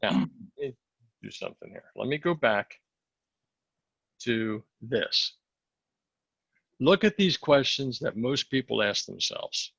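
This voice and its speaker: A man coaching salespeople in a training session, hoarse and losing his voice, often checking the group follows him. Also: medium pitch, animated, slow, pauses often, fairly bright tone, dry recording, muffled recording. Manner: coaching, asks the group questions. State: losing his voice, clearing throat.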